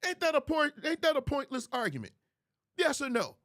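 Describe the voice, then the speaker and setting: A man's voice: very high voice, wildly swooping pitch, brisk, bright, forceful tone. A man, hosting a livestream commentary in an emphatic, preachy way, repeating phrases for effect. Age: 40s. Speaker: host.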